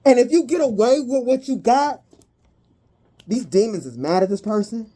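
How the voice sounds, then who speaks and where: Talking at a normal speed in a slightly high voice, a woman delivers a tarot and energy reading to her viewers. Her style is animated and full of slang, punctuated by sudden whoops of excitement.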